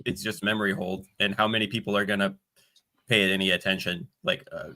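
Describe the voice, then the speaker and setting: A man's voice: sits low, little pitch movement, fast talker, bright, forceful tone, a little hiss or hum. A man hosting an open-mic stream and chatting casually, joking with wry asides over a video call. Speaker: stream host. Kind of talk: casual chat.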